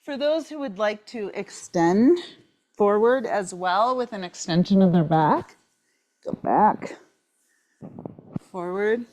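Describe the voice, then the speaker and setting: A woman teaching a yoga class while moving along with it, out of breath, encouraging and relaxed, often repeating "right?" and "maybe you're here.". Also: medium pitch, takes it slowly, long pauses. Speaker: yoga instructor. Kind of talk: guided yoga class instruction.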